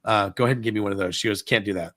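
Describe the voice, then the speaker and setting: A middle-aged man with a fairly low voice tells a long story on a live podcast in a casual way. He acts out each exchange, and his voice jumps up whenever he quotes someone. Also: rapid-fire, no room sound. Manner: animated retelling, acting out dialogue. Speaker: podcast co-host telling a park story.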